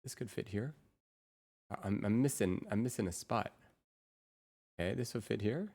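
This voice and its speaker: A woman's voice: extremely low pitch, moderate pace, mellow. A woman streamer chatting casually with her viewers through a real-time AI voice changer, muttering to herself while she sets up her screens. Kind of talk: casual live-stream chat.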